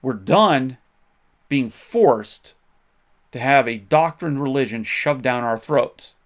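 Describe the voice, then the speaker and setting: Fired-up male podcast host, mid-pitched voice, faith-and-history commentary, stumbles and restarts as he talks. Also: lively intonation, slow. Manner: impassioned, gets fired up; conversational, frequent restarts.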